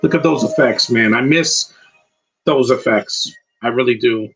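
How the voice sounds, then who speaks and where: A man's voice: medium pitch, unhurried, fairly bright tone, faint music behind, rough recording. A man giving a casual, rambling live commentary on a film, emotional and close to tears. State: teary, close to crying. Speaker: movie commentator.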